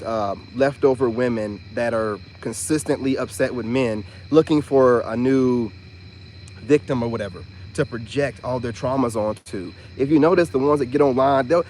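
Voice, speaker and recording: A man's voice: mid-range voice, darkish tone, a little hiss or hum. A man ranting indignantly in a casual monologue, repeating himself and firing rhetorical questions, with mocking asides. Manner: mocking imitations of others. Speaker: vlogger and self-styled spiritual teacher.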